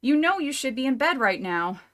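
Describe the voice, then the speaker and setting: A woman reading the lines of a kindly, nervous young nun, slowly and softly. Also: high voice, big pitch swings, pitched above the performer's own voice.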